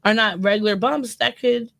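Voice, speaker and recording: A woman's voice: fairly high pitch, moderate pace, vocal fry, fairly bright tone, dry recording. A woman co-hosting a podcast in casual chat, asking curious questions and laughing easily. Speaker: podcast co-host.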